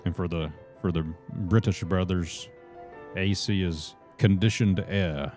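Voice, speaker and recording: A man's voice: sits low, unhurried, soft background music. A man chatting casually on a gameplay livestream, talking to viewers and calling them brothers. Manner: relaxed, chatty, reads chat and greets viewers as brothers.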